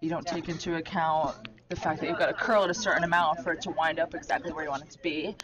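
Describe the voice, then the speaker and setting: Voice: mid-range voice, fairly even intonation, fast talker. A co-host at a curling club, talking casually and laughing often about learning the sport. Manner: laughs often, upbeat, chatty. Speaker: co-host and new curler. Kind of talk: casual live commentary. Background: loud crowd chatter.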